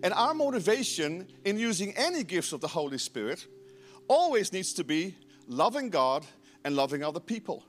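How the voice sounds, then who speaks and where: A man preaching a lively sermon as pastor, acting out quoted voices with emphasis. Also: high-pitched, moderate pace, soft background music.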